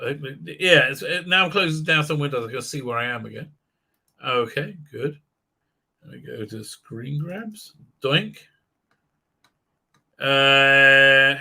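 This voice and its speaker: Sarcastic man with a sharp voice. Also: mid-range voice, vocal fry. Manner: sarcastic, profane, full of fillers and restarts. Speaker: live-stream host. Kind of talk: rambling live-stream commentary.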